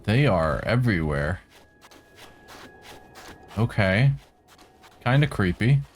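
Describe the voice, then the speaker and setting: A man giving relaxed let's-play commentary, making wry asides and talking to the enemies on screen. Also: lowish voice, slow pace, slight background noise. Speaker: game streamer.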